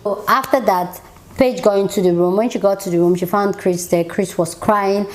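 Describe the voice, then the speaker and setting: A woman's voice: mid-range voice, fairly even intonation, normal speed. Chatty opinionated woman reviewing TV. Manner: chatty and opinionated, frequent "like" fillers; exasperated. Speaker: TV show reviewer. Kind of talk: casual reaction review.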